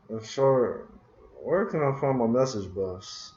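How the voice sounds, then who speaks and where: Amid keyboard typing and clicking, a screencast host walks casually through his code, grumbling as he looks for a tool he can't find. His medium-pitched, warm voice keeps a measured pace, recorded muffled in an echoey room with a little hiss or hum.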